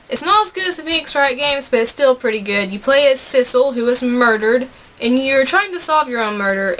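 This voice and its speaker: A woman's voice: a little high, fairly bright tone, a little hiss or hum. A young woman with a Southern US accent, gushing through her monthly favorites in a chatty vlog, correcting herself as she goes. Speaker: vlogger.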